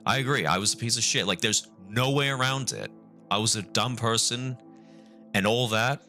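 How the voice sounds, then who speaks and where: A young man talking on a live stream, halting and remorseful, swearing often and trying to stay calm and measured. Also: medium pitch. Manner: halting, remorseful, repeats and restarts. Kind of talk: casual live-stream talk.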